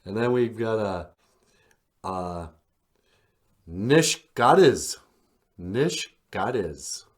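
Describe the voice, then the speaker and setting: A man hosting a podcast, teaching vocabulary in a relaxed, encouraging way and gently prompting his partner. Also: on the low side, drawn-out words. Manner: encouraging, calls partner sweetie. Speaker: podcast host teaching words. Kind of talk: language lesson, casual.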